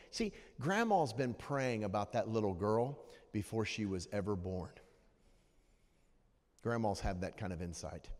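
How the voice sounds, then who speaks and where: A man preaching a sermon in a church, moving from hushed storytelling to loud, rousing exhortation. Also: medium pitch. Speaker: guest preacher. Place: church sanctuary. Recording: long hall reverb.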